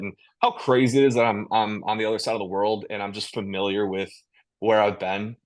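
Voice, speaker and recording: A low-voiced man chatting in a relaxed, rambling way, often restarting his sentences and laughing easily. He sounds like a touring musician speaking from a video call. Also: quick pace. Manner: laid-back, rambling with many restarts and laughs. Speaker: touring metal band musician, guest. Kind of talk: casual interview chat.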